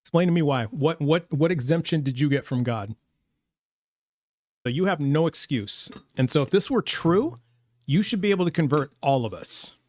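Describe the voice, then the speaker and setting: A man's voice: on the high side, animated, normal speed, no echo, clean studio sound. A man hosting a live debate stream, ranting emphatically and confrontationally and swearing at his audience. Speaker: livestream debate host. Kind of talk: heated live debate rant.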